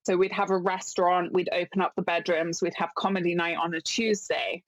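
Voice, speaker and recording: A woman from London, a guest on a podcast, telling a story in a casual, animated way, often laughing and acting out dialogue. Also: lowish voice, brisk, dry recording, muffled recording. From London, England. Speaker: podcast guest, business owner.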